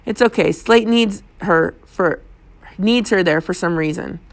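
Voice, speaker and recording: A woman narrates an audiobook in a lowish voice, performing a male police detective who speaks calmly, measuredly and reassuringly.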